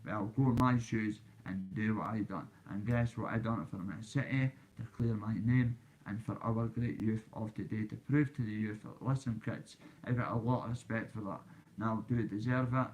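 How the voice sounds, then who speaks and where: A man's voice: on the low side, fairly even intonation, moderate pace, darkish tone, poor audio. Boastful Glaswegian man telling a story. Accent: Scottish, Glaswegian. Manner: boastful, swaggering, addresses kids directly. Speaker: YouTuber. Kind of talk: casual vlog storytelling. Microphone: phone.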